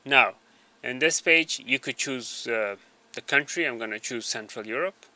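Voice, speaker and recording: Hesitant male tutorial narrator, bright voice. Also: mid-range voice, moderate pace. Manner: hesitant, full of fillers. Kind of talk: screen tutorial voice-over. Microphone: small desk microphone.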